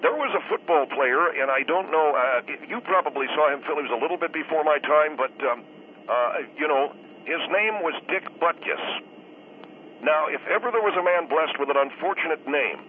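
A man's voice: fairly high pitch, expressive, moderate pace. A man calling in as a guest to a radio talk show, speaking earnestly and at length about feeling wronged. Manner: earnest and aggrieved, explains at length. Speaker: call-in guest. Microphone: telephone. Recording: tinny phone line with faint hiss.

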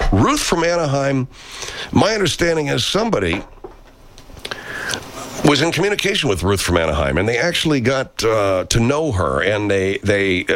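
A man's voice: medium pitch, a bit bright, no echo. A man hosting a live stream, chatting casually and reading viewer comments aloud, loose and profane, speaking into a studio microphone. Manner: loose and profane, aside-heavy.

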